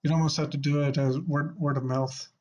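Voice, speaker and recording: A man's voice: on the high side, little pitch movement, a little fast, darkish tone, dull audio. A man co-hosting a podcast in casual chat, rambling with fillers and restarts. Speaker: podcast co-host.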